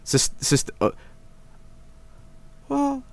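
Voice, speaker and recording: A male streamer giving rambling, excitable live commentary while clicking through old software, often breaking into laughter. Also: very high voice, very slow, gravelly, no echo.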